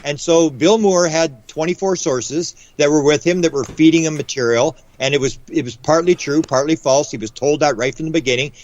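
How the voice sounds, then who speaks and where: A man as guest author in a casual interview, rambling with quick restarts and acting out the voices he quotes. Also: on the high side, a little mellow. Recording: dull lo-fi audio.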